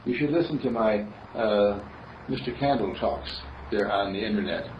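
Speaking at a normal speed in a lowish voice, a man preaches a spiritual sermon as a minister, wandering through stories with chuckles along the way. The audio sounds far off, roomy, and dull, with slight hiss or hum.

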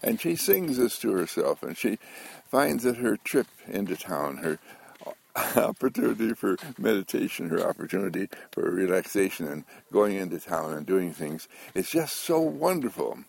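A man speaks in a husky, gravelly voice that rises and falls with animation. He gives an inspirational talk, asking his listeners questions. He chuckles often and acts out the voices of the people in his stories. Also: sits low, big pitch swings, normal speed, a little mellow. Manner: asks the listeners many questions; chuckles as he talks.

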